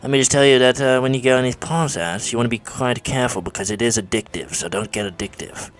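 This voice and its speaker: A man voicing a crude, smug teenage friend in a comedy skit, lecturing in a cocky, lewd, drawn-out way. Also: mid-range voice, close to an everyday voice.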